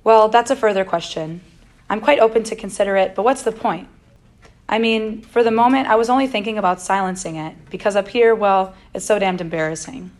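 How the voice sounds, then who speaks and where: A woman's voice: mid-range voice, brisk, lightly acted. A woman voicing a fearful man's ghost in a read-aloud story, flustered and apologetic. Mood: pleading. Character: anxious man's ghost, evasive and pleading.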